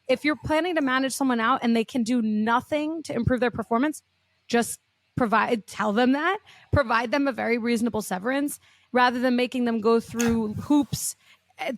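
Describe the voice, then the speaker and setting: A woman's voice: on the high side, dry recording. A woman hosting a podcast, talking from a human resources view in a thoughtful way with fillers and hedges. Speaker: podcast host, HR leader. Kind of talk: conversational podcast talk.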